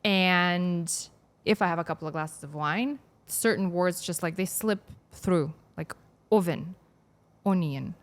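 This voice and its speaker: A woman hosting a podcast, a native Russian speaker with a slight Russian accent, chatty and excited. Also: lowish voice. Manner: chatty, fast and excited from coffee. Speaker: podcast host. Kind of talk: casual chat.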